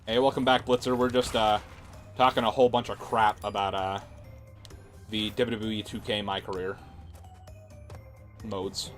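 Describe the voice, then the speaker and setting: A man's voice: fairly low pitch, level tone, moderate pace, long pauses, faint music behind. A man streaming games, chatting casually and ranting sarcastically with plenty of swearing. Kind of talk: casual livestream chat.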